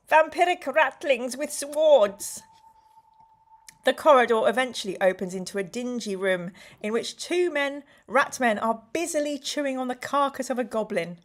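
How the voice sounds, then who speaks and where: A woman hosting a live stream, reading a gamebook aloud to her chat in a playful, exclamatory way. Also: fairly high pitch.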